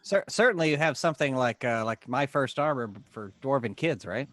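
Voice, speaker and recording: Lively bantering man at a game table. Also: mid-range voice, fairly quick, no room sound, studio quality. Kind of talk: casual game table chat.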